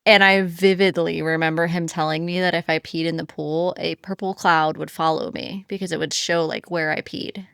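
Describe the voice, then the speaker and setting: A woman's voice: lowish voice, fairly even intonation, moderate pace, gravelly, few pauses, a bit bright, clean tone, dry recording, studio quality. A woman co-hosting a book podcast, chatting frankly and casually, swearing now and then. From Florida, US. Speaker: podcast co-host. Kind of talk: casual chat.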